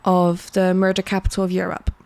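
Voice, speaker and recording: A woman's voice: on the low side, completely flat delivery, brisk, creaky, a little mellow. A woman from Britain co-hosting a podcast, telling a true crime story in casual chat, laughing often and swearing freely. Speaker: podcast co-host.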